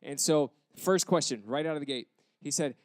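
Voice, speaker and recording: Smooth-voiced young American pastor. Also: male voice, on the high side, moderate pace, dry recording. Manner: animated storytelling with acted quotes. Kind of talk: sermon storytelling. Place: church campus.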